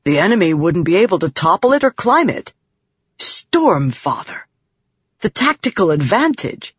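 A woman reading an audiobook voices an eager young nobleman soldier, raising her pitch and talking earnestly, in a dry, slightly muffled recording. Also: lively intonation, unhurried, breathy edge, no echo, full character voice.

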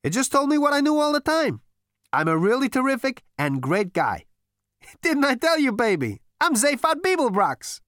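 A man's voice: very high-pitched, very animated, moderate pace, a bit bright, no room sound, clean studio sound, voice pushed up, full character voice. A man voicing a smug, brash male alien adventurer who talks in a cocky, boastful, breezy way.

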